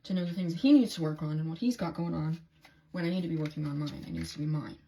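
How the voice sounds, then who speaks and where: Low-voiced woman rambling through a tarot reading. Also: fast talker, dark tone, slight background noise. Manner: candid, rambling, swears freely, self-talk. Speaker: tarot reader. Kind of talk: casual tarot reading video diary.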